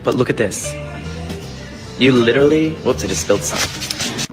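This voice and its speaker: A man's voice: mid-range voice, animated, normal speed. A man from the United States talking casually to camera in a short video clip, wide-eyed and enthusiastic. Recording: video clip with loud background music.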